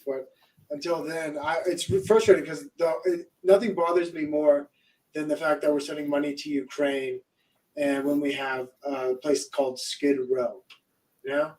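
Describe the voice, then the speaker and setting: A man's voice: a little high, fairly even intonation, a little slow, darkish tone, distant mic, rough recording. A man in a casual podcast chat who talks in a rambling, hesitant way. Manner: rambling, hesitant, fillers and restarts. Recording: voice off-mic.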